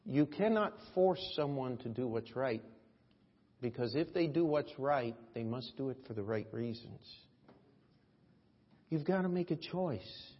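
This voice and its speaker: A man pastor preaching a sermon, swinging between loud emphatic lines and quiet asides, telling folksy stories. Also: medium pitch, lively intonation, measured pace, slightly rough. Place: church sanctuary. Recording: echoey church hall, dull lo-fi audio.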